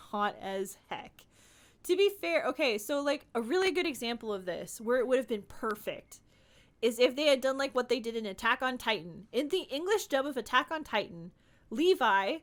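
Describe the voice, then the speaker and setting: A young woman streamer giving casual, animated gaming commentary, ranting and giggling. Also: high voice.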